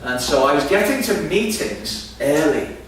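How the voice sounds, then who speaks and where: A man's voice: a little high, expressive, measured pace. A man giving a sermon, telling a humorous, self-deprecating story to an audience in a large hall. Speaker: preacher. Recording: echoey hall, distant mic, background noise.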